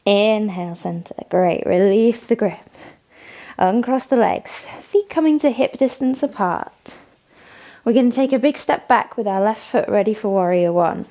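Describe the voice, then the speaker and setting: A woman leading a morning yoga class, giving calm step-by-step cues and frequent praise. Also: medium pitch, unhurried. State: has the hiccups. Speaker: yoga instructor. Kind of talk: guided yoga class instruction.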